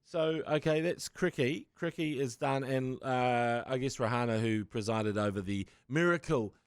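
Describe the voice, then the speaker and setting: A man's voice: medium pitch, normal speed, clear, resonant tone, no echo, studio quality. A man with a New Zealand accent co-hosting a casual podcast, rambling with crude humor. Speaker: podcast co-host.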